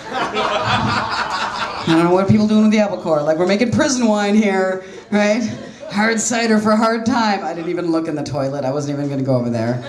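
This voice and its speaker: Self-deprecating stand-up comic mom. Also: female voice, on the low side. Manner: self-deprecating, conversational storytelling with quoted voices. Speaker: stand-up comedian. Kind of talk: stand-up comedy set. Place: small jazz club stage, live audience laughing. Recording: roomy club sound with faint ambience.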